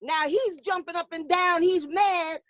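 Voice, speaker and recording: A woman boxing coach telling a story in an interview, animated, acting out the voices of the people in it and laughing often. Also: extremely high pitch, measured pace, dry recording.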